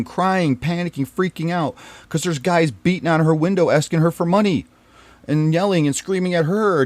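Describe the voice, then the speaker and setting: A man's voice: a little high, no room sound. A man telling a painful personal story in an earnest, rambling way, restarting and repeating himself as he goes. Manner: earnest and pained, often dropping quiet. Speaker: storyteller recounting his marriage.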